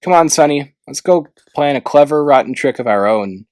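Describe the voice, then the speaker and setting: A man's voice: on the high side, lively intonation, moderate pace, a little mellow, no room sound, voice pushed up, lightly acted. A man reading aloud, voicing a loyal, kind-hearted young male dragon in a pleading, emphatic way. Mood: huffy.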